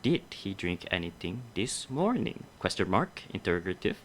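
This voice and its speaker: A young man giving a practice grammar lesson, calm and methodical, walking through examples step by step and fixing his own slips. His voice sits low, with faint hiss behind it. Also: moderate pace. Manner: methodical, explains step by step, corrects himself. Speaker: teacher. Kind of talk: micro-teaching grammar lesson.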